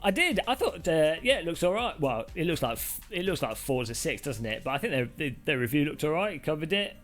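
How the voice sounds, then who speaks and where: A man's voice: a little high, big pitch swings, fairly quick, fairly bright tone, soft background music. A man hosting a live stream, chatting casually in a jokey, rambling, self-deprecating way. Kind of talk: casual live-stream chat while sim racing.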